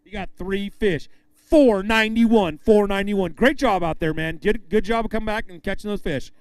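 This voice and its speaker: A man emceeing a live fishing tournament weigh-in, upbeat, calling out names and weights with drawn-out emphasis. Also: high voice, creaky, dry recording.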